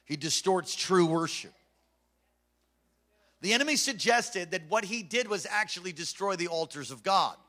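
A man's voice: high-pitched, lively intonation, moderate pace, bright, forceful tone. A man preaching a fervent, emphatic sermon as pastor from a church stage.

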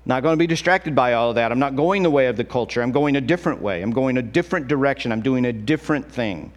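A middle-aged male pastor delivers a lively, conversational sermon, acting out quotes as he goes. His voice is mid-range and he talks fast.

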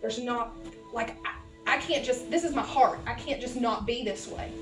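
A woman's voice: on the high side, moderate pace. A woman with a Southern accent preaching a sermon, talking casually to her congregation and building to fervent exhortation. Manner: conversational, addresses congregation as y'all. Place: church sanctuary. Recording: echoey church hall from a distance with music.

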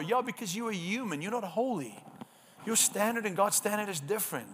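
A man's voice: sits high, expressive, a little fast, a bit bright, husky. A man preaching a sermon, earnest and emphatic, asking the congregation rhetorical questions and often restarting his words.

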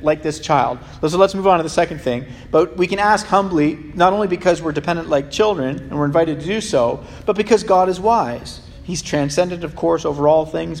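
A preacher with a high-pitched voice delivers an animated sermon, swinging between humorous asides and emphatic points. His voice carries through a church sanctuary with a long reverb. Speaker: pastor. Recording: long reverb of a large hall.

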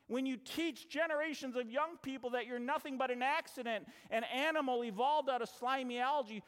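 A man preaching in a church, his voice sitting high for a man and ringing with a long hall echo. He tells stories with dramatic pauses and acts out the dialogue. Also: a bit bright, clean tone. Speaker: pastor. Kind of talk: sermon.

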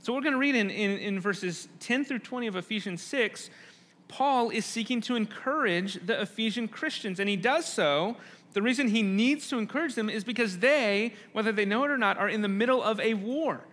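A man's voice: high voice, normal speed, fairly bright tone. A man preaching a conversational sermon, often restarting phrases, and acting out quoted lines with rising intensity. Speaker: pastor.

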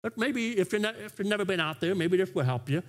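Brief: male pastor, lively sermon voice, high and swooping, stumbles into quick restarts. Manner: animated, stammering restarts.

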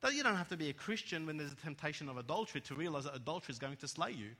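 Male preacher, emphatic sermon delivery, slightly high voice, long hall reverb. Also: lively intonation, very fast. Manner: emphatic, repeats words, swings from loud to hushed.

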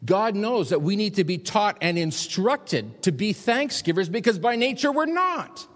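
A middle-aged pastor preaches a sermon in a church, his voice sing-song and unhurried. He is emphatic, pressing his points and rising high as he drives them home. A long hall reverb fills the recording.

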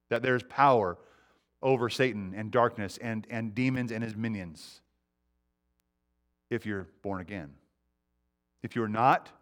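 A man preaching a sermon as pastor, earnest, letting his sentences fall to a quiet hush. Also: mid-range voice. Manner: earnest, often dropping to a quiet hush at phrase ends; repeats words as he restarts.

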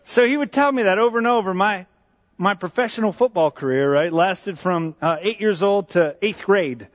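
A man with a fairly high voice preaches from a church stage, telling a personal story in an animated, repetitive way. His voice carries a long hall echo and sounds dull and muffled. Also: moderate pace. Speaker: pastor. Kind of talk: sermon storytelling.

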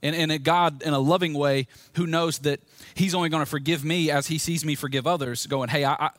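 A man preaching a personal testimony sermon to a room, speaking candidly and swinging between hushed storytelling and loud, emphatic points. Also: on the high side, steady tone, fairly quick, dry recording, clean studio sound. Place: room with a live audience.

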